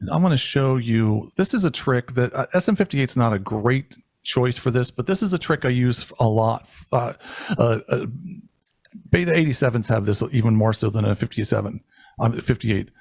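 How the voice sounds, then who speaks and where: Man, audio instructor on a live stream, gravelly texture, dry sound, casual rambling delivery. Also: medium pitch, moderate pace, darkish tone, no echo. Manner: casual, rambling with restarts and fillers. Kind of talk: live-streamed technical demonstration. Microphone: handheld dynamic mic moved near and far.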